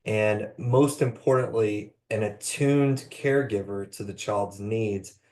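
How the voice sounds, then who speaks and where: A man's voice: on the low side, slow, a little mellow. A man giving a live presentation to clinicians on trauma-informed care, talking with many ums, uhs and restarts. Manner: hesitant, many fillers and restarts.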